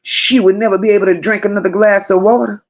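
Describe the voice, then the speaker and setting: Reading her live chat quickly in a steady, medium-pitched voice, a woman hosting a stream reacts to viewer comments. She is emphatic, repeats phrases often, and chats with viewers by name.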